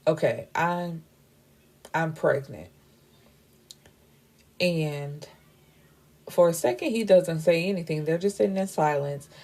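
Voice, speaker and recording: A woman's voice: low voice, gravelly, mellow. A woman book reviewer casually recapping a novel's plot, chatty and gushing, with lines of dialogue retold in between.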